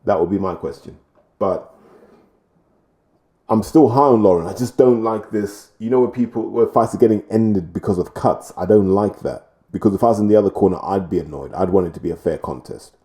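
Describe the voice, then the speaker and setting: A man talks through his views in a casual commentary vlog, blunt and opinionated, wandering from point to point. His voice sits fairly low and sounds deeply dark and mellow. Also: brisk. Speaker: boxing commentator.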